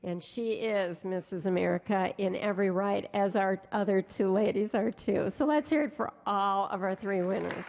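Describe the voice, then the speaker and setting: A woman's voice: medium pitch, normal speed, creaky, hardly any pauses, darkish tone, a faint crowd. A woman emceeing a pageant live on stage, chatty and gushing, building playful suspense before announcing winners.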